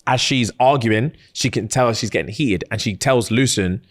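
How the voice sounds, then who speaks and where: A man's voice: mid-range voice, normal speed. Slangy man retelling a story. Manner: rambling storyteller with street slang. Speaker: podcast co-host. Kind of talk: casual chat.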